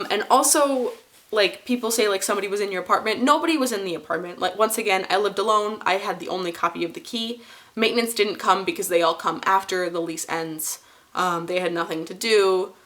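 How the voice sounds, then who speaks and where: A woman's voice: medium pitch, a bit bright. A young woman in her twenties, casually telling a personal story to camera, rambling with many fillers and restarts.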